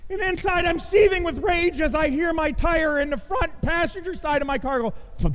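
Middle-aged male preacher, very high voice, animated self-mocking storyteller, church reverb. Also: moderate pace, a little hiss or hum. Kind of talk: storytelling sermon. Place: church sanctuary.

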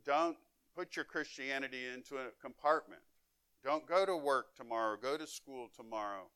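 Bright, crisp-voiced male preacher. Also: medium pitch, no echo. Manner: emphatic preaching with wide swings in loudness and pace. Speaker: pastor. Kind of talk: sermon.

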